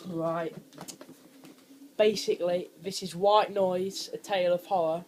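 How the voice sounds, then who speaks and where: A young man giving let's play commentary on a horror game, jumpy and quick to scream when startled. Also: high-pitched, steady tone, darkish tone, a little hiss or hum. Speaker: gaming channel host.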